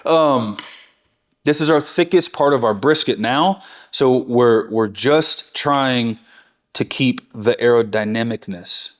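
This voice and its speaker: A man's voice: medium pitch, slow. A man in a casual, enthusiastic cooking lesson, talking his viewers through a task step by step and correcting himself as he goes. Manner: enthusiastic, chatty, self-correcting. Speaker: barbecue instructor. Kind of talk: real-time cooking tutorial.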